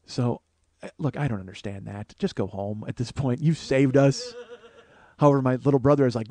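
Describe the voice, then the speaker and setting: A comedian and podcast host in his forties, speaking in a mid-range voice at a moderate pace, tells a personal story. He's casual, conversational, and profane, animating the quotes he delivers.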